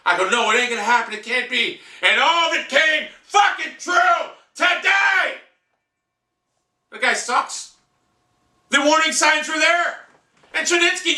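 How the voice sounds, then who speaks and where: Here a man with a high-sitting, sharp voice goes on and on, angry and cursing like a frustrated sports fan. He's off-mic in a room at home, and the space echoes.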